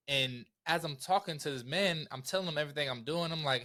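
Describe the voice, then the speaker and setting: A man guest on a podcast, telling a personal story in a casual, animated way, with slang, laughs and acted-out quotes. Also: on the high side, quick pace, few pauses.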